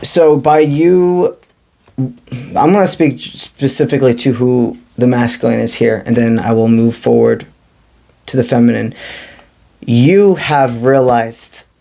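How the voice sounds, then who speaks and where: A man giving a spiritual tarot reading to camera, talking in a calm, encouraging and mystical way with casual slang. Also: mid-range voice, slow, creaky, soft background music. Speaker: tarot reader.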